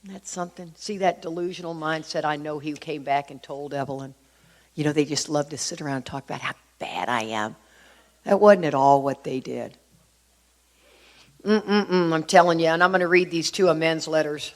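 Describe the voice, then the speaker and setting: A middle-aged woman from Houston, speaking to a recovery group, telling her story in an animated way with emphatic asides. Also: low voice, moderate pace. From Houston, Texas. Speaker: AA workshop speaker. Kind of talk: personal recovery talk to a group.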